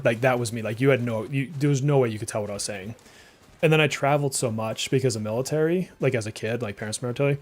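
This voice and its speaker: Man, mid-pitched voice, mild Massachusetts accent, slight speech impediment, rambling live-stream game chatter, faint background music. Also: darkish tone. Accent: mild Massachusetts, slipping through on some words. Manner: chatty and rambling, many "like" fillers, reacts aloud to the game. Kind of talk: casual live-stream gameplay commentary.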